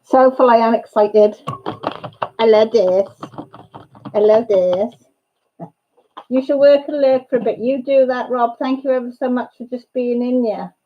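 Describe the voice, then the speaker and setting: A woman hosting a casual chat livestream, excitable, laughing and greeting viewers by name. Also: a little high, a little slow, long pauses. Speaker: livestream host. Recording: dull lo-fi livestream sound.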